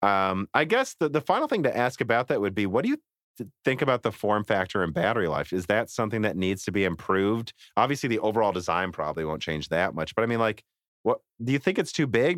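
A lower-pitched man hosts a casual tech podcast, his voice rising and falling in a lively way. He rambles and often cuts himself off mid-thought. The recording is close and dry. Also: fast, dry recording. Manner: animated, rambling, self-interrupting. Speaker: podcast host.

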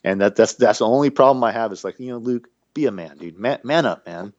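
A man co-hosting a podcast, rambling and animated in casual banter, full of restarts. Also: medium pitch, fairly quick, no room sound, highs cut off. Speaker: podcast co-host.

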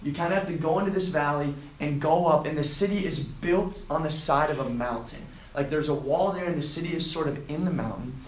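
A man preaching to students, retelling a scripture story and acting out the quoted lines with lively emphasis. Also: on the high side, fairly quick, hardly any pauses, reverberant, poor audio. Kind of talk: sermon to a student group.

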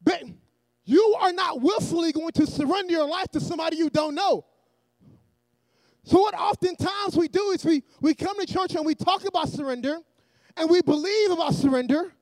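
A man with a very high voice gives a lively sermon in church, shouting often and making joking remarks to the congregation. The audio has no echo.

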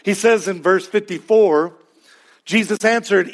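A male pastor preaching a sermon in a conversational, emphatic way, with sudden loud peaks. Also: a little high, lively intonation, unhurried, creaky.

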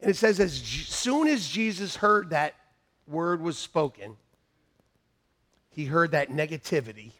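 A middle-aged man preaching a sermon as pastor, animated, breaking into shouted bursts and laughing asides. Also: on the high side, a little slow, pauses often.

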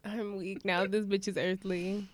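A young woman co-hosting a casual podcast, telling an animated story and acting out the people in it. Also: medium pitch, unhurried, dry recording. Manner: animated, imitates people in her stories, swears casually. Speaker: podcast co-host.

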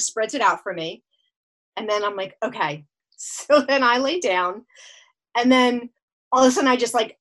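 A woman telling a long personal story in casual chat, acting out her own lines with bursts of shouting and laughter. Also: a little high. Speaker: guest storyteller.

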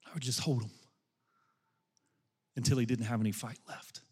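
A middle-aged man preaching a sermon as a pastor, moving from loud, impassioned exhortation to soft, hushed storytelling. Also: medium pitch, fairly even intonation, normal speed, breathy edge.

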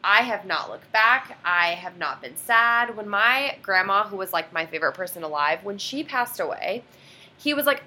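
A woman in her twenties telling a personal story in casual chat, animated and quoting others dramatically. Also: mid-range voice, normal speed.

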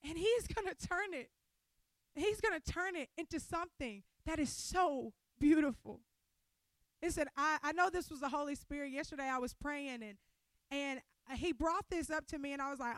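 A young woman giving an animated, conversational sermon to a women's gathering. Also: high-pitched, moderate pace, no echo. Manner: animated, conversational preaching with laughter. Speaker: speaker at a women's church event.

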